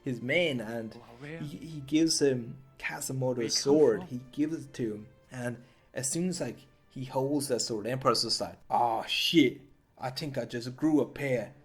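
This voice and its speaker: A man hosts a casual comic recap of a film scene. His talk rambles and leans on slang, circling back to the same phrases. His voice sits at an ordinary pitch, with faint music underneath. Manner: rambling, slangy, repeats himself. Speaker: host of a film commentary series.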